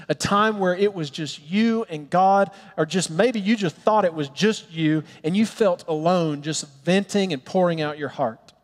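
A man preaching a sermon in an earnest, pleading way, sometimes dropping to soft, tender tones. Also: high voice, long reverb tail. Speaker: pastor.

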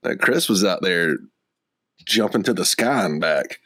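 A man with a fairly low voice chats with his gaming group, joking around. His pitch moves a lot, rising and falling as he tells a story. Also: unhurried, husky. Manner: joking, animated banter. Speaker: player. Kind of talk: casual chat.

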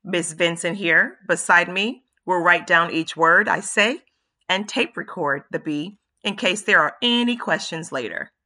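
A tall bearded announcer opening a spelling bee in a measured, formal newscaster style, as a woman reads him. The voice sits low and slow, with a bright, clear edge. This is storybook narration. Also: heavily acted.

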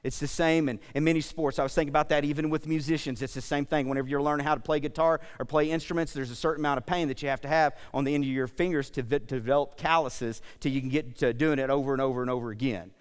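Fervent preacher with a hall echo. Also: male voice, medium pitch, fairly even intonation, quick pace, few pauses, smooth. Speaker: pastor. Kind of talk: sermon. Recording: long hall reverb.

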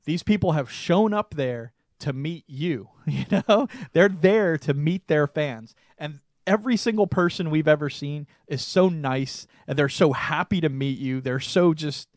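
A young man co-hosting a podcast, telling a story in casual chat, animated and laughing often. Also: on the high side, unhurried, hardly any pauses, dry recording, studio quality. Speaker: podcast co-host.

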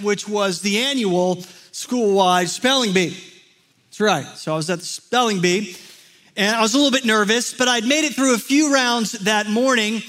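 A man in his forties from Texas, telling a personal story in an animated way with many fillers and acted-out quotes. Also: high-pitched. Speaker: speaker. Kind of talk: storytelling talk.

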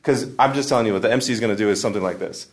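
A man's voice: lowish voice, rapid-fire. A man speaking casually to a live audience at a forum, storytelling with humor and frequent restarts. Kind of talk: conversational talk to a live audience. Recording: roomy echo.

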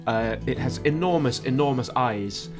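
A man's voice: medium pitch, normal speed. A man narrating a tabletop game as game master, describing scenes with frequent restarts. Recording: background music under the voices.

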